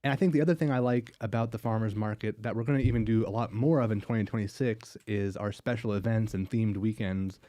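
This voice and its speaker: A man's voice: lowish voice, fast, hardly any pauses, warm tone, no room sound. A man, the farmers market manager, talking in an easygoing, plain way as a guest on a podcast. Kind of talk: casual interview chat.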